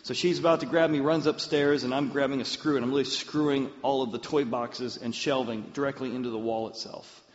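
A man's voice: mid-range voice, a little fast, few pauses. Man preaching in a reverberant hall. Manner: animated storyteller who acts out quotes. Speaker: pastor. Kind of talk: sermon storytelling. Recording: muffled sound with long hall reverb.

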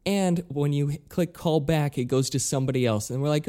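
A man's voice: fairly high pitch, fairly quick, hardly any pauses. A man in casual conversation, animatedly telling an exasperated story with lots of swearing and acted-out dialogue. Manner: animated, exasperated, swears a lot, acts out both sides of calls.

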